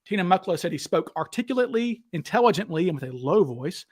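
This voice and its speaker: Blunt, combative Southern man, high voice. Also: very animated, fast, darkish tone, dry recording, clean studio sound. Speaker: host. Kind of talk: heated livestream discussion.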